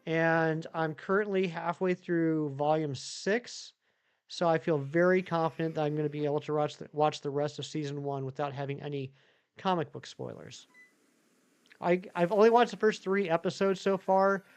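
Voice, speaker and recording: A man's voice: on the high side, normal speed, clear, resonant tone. A man live-streaming a game, chatting casually with viewers in a rambling way with many fillers.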